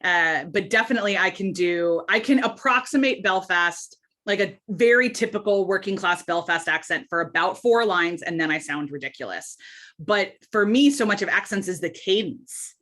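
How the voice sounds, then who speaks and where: Brief: lively woman guest, mid-pitch, animated and chatty, casual interview talk. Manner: animated, chatty, quick asides and laughs. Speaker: podcast guest.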